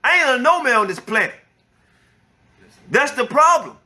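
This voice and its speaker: Male religious elder, loud and profane, sharp high-pitched voice, heated rant. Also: sing-song, moderate pace. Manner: angry, profane, preaching, repeats the clip's words to rebut them. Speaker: elder of a religious group, host reacting to a clip. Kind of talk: heated reaction commentary.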